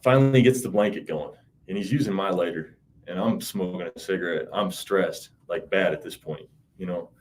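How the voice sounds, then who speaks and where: A man's voice: deep voice, normal speed, a little mellow, slight background noise. A man in his thirties in an interview, recounting events in a rambling, profane, casual way with frequent "you know". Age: 30s. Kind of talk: casual spoken recollection.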